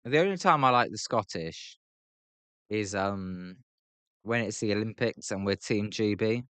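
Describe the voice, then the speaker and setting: A man's voice: fairly low pitch, lively intonation, a little slow, a bit bright, smooth, dry recording. A British man hosting a live baseball reaction stream, mixing casual play-by-play with chatty, rambling talk full of fillers and restarts.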